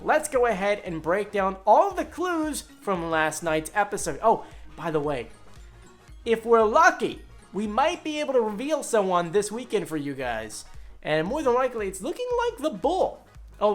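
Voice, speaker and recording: A woman vlogger giving an excitable, casual recap commentary, full of quick asides. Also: mid-range voice.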